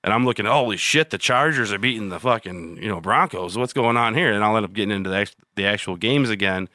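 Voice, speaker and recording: Male podcast co-host, lowish voice, casual and profane, dry close sound. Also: quick pace, sharp tone, dry recording. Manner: rambling, profane, laughs easily. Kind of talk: casual chat.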